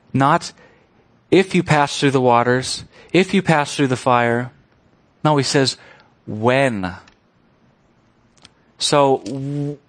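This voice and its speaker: A man preaching an expository sermon, leaning on key words and asking his listeners questions. His voice sits at an ordinary middle pitch. The sound is close and dry, with little room around it. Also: fairly bright tone, no room sound. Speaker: pastor.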